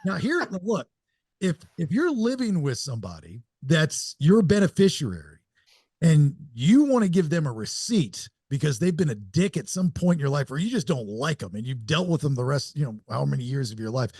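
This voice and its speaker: Slightly high-voiced joking podcast man. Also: sing-song, moderate pace, darkish tone, slightly rough, dry recording, studio quality. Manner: joking, riffing on a tangent. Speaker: podcast host. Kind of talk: casual chat.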